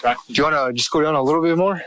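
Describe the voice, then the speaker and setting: A man's voice: on the high side, fast talker, fairly bright tone, a little hiss or hum, low-quality recording. Blunt, slangy man detective. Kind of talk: casual talk, archive footage.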